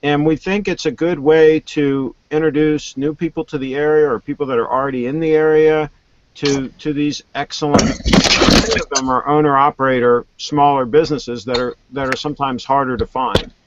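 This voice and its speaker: A man's voice: a little high, fairly even intonation, moderate pace, noisy background. A man calling in as a guest, chatting casually about his websites with frequent restarts. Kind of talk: casual call-in chat. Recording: dull dry phone-line sound.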